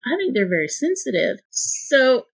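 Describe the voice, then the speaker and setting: A woman's voice: sits high, very animated, normal speed, creaky, husky. A woman in her fifties, a guest in an interview, earnestly telling a heartfelt personal story. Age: 50s.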